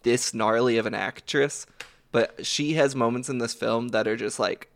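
A man from the American South, co-hosting a film podcast in a loose, animated way, with lots of fillers and casual swearing. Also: mid-range voice, moderate pace. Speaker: podcast co-host.

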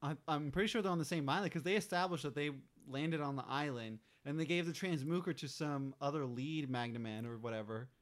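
Young man, a bit high, casual co-host. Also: fairly quick, hardly any pauses. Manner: relaxed, backchannels and laughs along. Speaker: podcast co-host. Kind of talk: casual movie recap chat.

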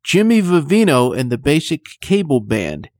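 A man's voice: a little high, very animated, normal speed, darkish tone, no echo, clean studio sound. A male podcast host giving polished, formal introductions to his guest. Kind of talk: podcast hosting.

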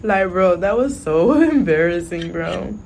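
A young woman tells a casual storytime. She is blunt and animated, her voice sits fairly low, and there is a faint hiss of noise behind her. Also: unhurried, creaky. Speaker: vlogger.

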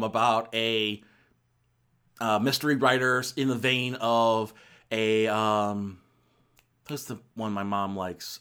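A man's voice: fairly low pitch, sharp tone, clear, resonant tone. A man giving a casual spoken movie review, rambling with many ums and restarts.

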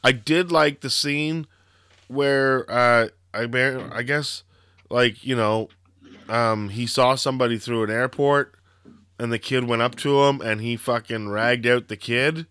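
Podcast co-host, man, rambling storyteller, bright and crisp, dry. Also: medium pitch, steady tone, unhurried, dry recording. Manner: rambling storyteller, lots of fillers and profanity. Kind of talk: casual chat.

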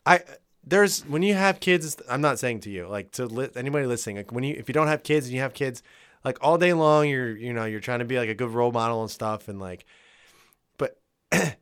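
A man's voice: mid-range voice, a little fast, a bit bright, clean tone, no echo, clean studio sound. A young man co-hosting a podcast from a bedroom, rambling and swearing in casual chat, often laughing. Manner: rambling, profane, laughs a lot. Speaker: podcast co-host. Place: home bedroom.

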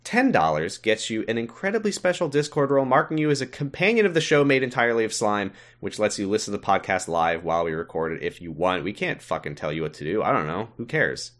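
A man's voice: fairly low pitch, big pitch swings, fast talker, hardly any pauses, fairly bright tone. Wry, swearing man hosting a podcast. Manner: wry, swears casually, laughs often. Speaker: podcast co-host. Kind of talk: casual podcast chat, reading sponsor thanks.

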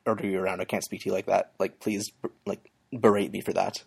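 A man voicing a servile male troll who apologizes and begs to be scolded, with a gravelly, husky voice. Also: deep voice, flat delivery, fast, exaggerated voice. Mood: groveling.

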